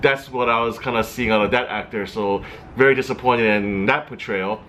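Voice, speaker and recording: A man's voice: mid-range voice, fairly even intonation, moderate pace, a bit bright, slight background noise. A man giving a casual movie review, chatty and a little hesitant, with fillers and restarts.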